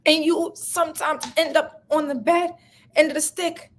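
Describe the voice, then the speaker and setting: A woman's voice: high voice, steady tone, moderate pace, a little hiss or hum. A young adult woman hosting a live love and life chat, talking passionately and emotionally, near tears, repeating phrases for emphasis. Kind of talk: emotional casual live-stream talk.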